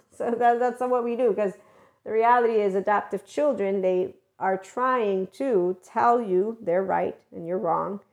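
A woman's voice: mid-range voice, measured pace, a little mellow. A woman hosting a casual monologue about relationships, talking frankly and chattily, acting out quoted lines and mixing self-help terms with the odd swear word. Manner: acts out quoted speech. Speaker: podcast host.

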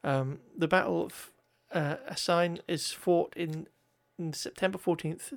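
A man's voice: a little high, steady tone, measured pace. A man reading history notes aloud, often stumbling over words, correcting himself and adding joking asides.

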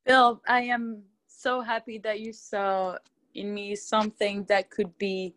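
A woman's voice: mid-range voice, little pitch movement, slow, fairly bright tone, dry recording. Earnest woman with a French accent. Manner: earnest and heartfelt, searching for words. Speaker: TV videographer, interview guest. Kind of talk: casual interview talk.

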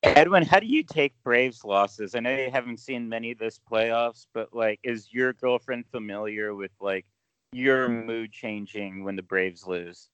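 A man with a mid-pitched voice talks about his evening in a laid-back, teasing way. He is recorded close and dry. It sounds like an easy podcast chat. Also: measured pace, fairly bright tone, smooth, no echo, highs cut off. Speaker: podcast co-host. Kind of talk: casual chat.

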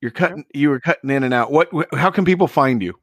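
A man hosting a podcast in casual chat, reacting and interjecting quickly. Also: fairly high pitch, a bit bright, dry recording. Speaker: podcast host.

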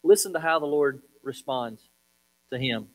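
A man preaching a sermon as a pastor, leaning hard on words with swings from loud to hushed. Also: mid-range voice, animated, measured pace, poor audio.

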